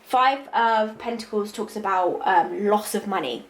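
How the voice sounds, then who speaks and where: A woman giving a tarot reading in a monologue. She speaks intuitively, pauses with fillers, and repeats key words for emphasis. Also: medium pitch, roomy sound, rough recording. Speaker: tarot reader.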